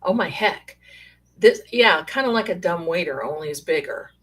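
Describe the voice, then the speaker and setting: A middle-aged woman telling rambling, animated stories in a casual way. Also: lowish voice, moderate pace, husky. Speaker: storyteller sharing paranormal stories. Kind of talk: casual storytelling.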